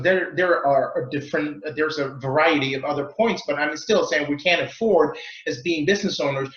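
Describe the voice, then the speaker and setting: Playful and lively, this male guest, a communication expert, answers interview questions animatedly, performing mock accents and sound effects. He speaks briskly at a fairly high pitch, recorded with roomy lo-fi sound.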